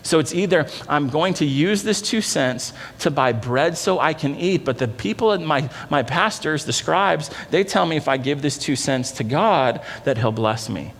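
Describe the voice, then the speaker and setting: A male pastor with a slightly higher voice delivers a sermon in an earnest, conversational manner. He sinks into low, quiet tones for emphasis. His words ring out with a long reverb from a large church sanctuary. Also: animated, normal speed, hardly any pauses, slight background noise.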